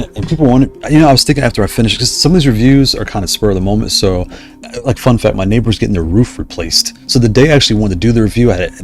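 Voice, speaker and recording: Low-voiced man rambling on a livestream. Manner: rambling, digressive, enthusiastic. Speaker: livestream host. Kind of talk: casual livestream chat.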